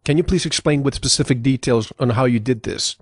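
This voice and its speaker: A man hosting an interview, polite and affirming, asking measured questions. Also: medium pitch, slightly rough, dry recording, clean studio sound. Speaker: interview host.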